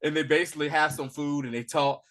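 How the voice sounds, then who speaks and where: Bright-voiced man recapping a TV episode. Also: a little high, quick pace. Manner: animated storyteller acting out character dialogue. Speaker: podcast co-host.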